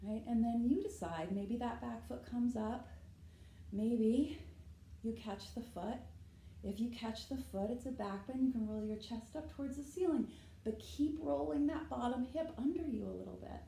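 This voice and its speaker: Mellow, slightly breathless yoga teacher woman. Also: a little high, moderate pace, gravelly, reverberant, a little hiss or hum, poor audio. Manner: talks while demonstrating poses, often adds "right?". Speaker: yoga instructor. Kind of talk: guided yoga class instruction.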